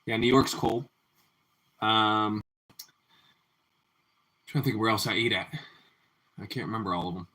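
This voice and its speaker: Relaxed male stream host, bright clear tone, cooking at home, easy chatty talk. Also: lowish voice, normal speed, pauses often. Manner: relaxed, answers viewer chat, often repeats his phrases. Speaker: livestream host. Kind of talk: casual chat while cooking. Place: home kitchen.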